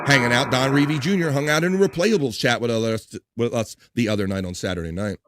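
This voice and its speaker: A man's voice: medium pitch, fairly quick, a little hiss or hum. A man hosting a live stream, chatting casually, rambling and joking, and reading out viewers by name. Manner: rambling, jokey, talks to chat by name. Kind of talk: casual chat.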